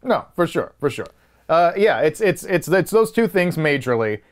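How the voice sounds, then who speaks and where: A man's voice: a little high, very animated, normal speed. A man co-hosting a casual movie review podcast, arguing his points emphatically and restarting sentences as he builds them. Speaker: podcast co-host.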